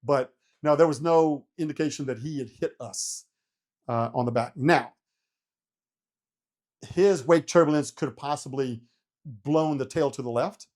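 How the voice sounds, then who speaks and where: Slightly high and darkish, this man's voice moves a little slowly, with frequent pauses. He's a middle-aged former helicopter pilot telling a story in a casual interview, mimicking his own panic and cursing freely.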